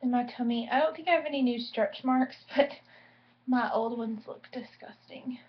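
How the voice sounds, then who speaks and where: Speaking at normal speed with a slightly high voice and a breathy edge, a young woman chats emotionally in a casual pregnancy vlog, peppering her talk with likes and ums. She's recording in her home bedroom, and the lo-fi home video audio sounds dull.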